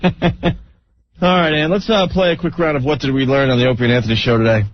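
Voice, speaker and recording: A man's voice: on the high side, fast. Guy hosting a radio show, loose and jokey, dull lo-fi broadcast sound, faint hiss. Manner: loose, jokey, reads out listener messages. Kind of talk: casual radio banter.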